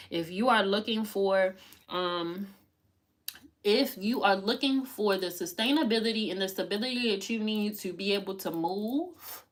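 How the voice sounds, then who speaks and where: Woman, tarot reader, live stream, emphatic, repetitive, slangy, coaching, curses freely. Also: mid-range voice.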